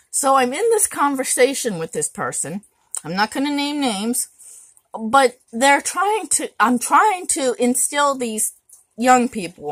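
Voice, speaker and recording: A woman's voice: a little high, dry recording. A woman vlogger delivering an indignant, emphatic rant straight to camera, repeating words for stress.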